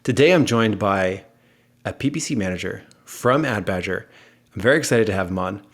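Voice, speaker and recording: A man's voice: fairly low pitch, normal speed. Upbeat American man hosting a podcast. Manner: upbeat, energetic, joking. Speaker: podcast host. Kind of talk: casual podcast chat.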